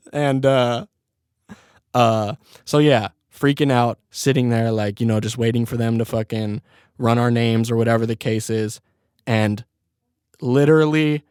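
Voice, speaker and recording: A man's voice: medium pitch, darkish tone, smooth, no echo, studio quality. A young man hosting a podcast, telling a story in a laid-back way, laughing often and swearing freely. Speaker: podcast host. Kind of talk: casual storytelling.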